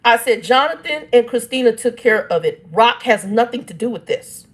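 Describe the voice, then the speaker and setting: A woman's voice: fairly high pitch, expressive, normal speed. Exasperated woman retelling family drama. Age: 50s. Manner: exasperated, reads text messages aloud, blunt asides. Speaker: channel host. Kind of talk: casual storytelling vlog.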